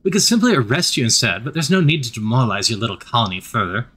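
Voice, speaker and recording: A man voicing a proud, stubborn male military commander in a narrated story game, with lively, bright delivery. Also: medium pitch, fast, husky, full character voice. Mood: smug.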